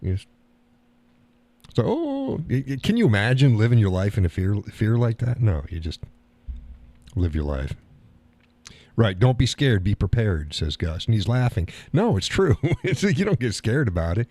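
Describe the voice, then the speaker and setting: A man's voice: fairly low pitch, big pitch swings, moderate pace, pauses often, dark tone, no room sound. A man hosting a live stream, chatting casually and reading comments from his chat, swearing easily and laughing often.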